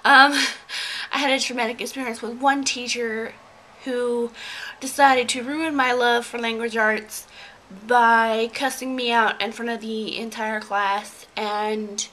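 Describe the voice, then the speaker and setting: A woman's voice: on the high side, fairly even intonation, takes it slowly, sharp tone, rough recording. A young woman from Georgia chatting casually in a vlog, rambling with lots of fillers and little laughs. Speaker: beauty vlogger. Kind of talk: casual tag video chat.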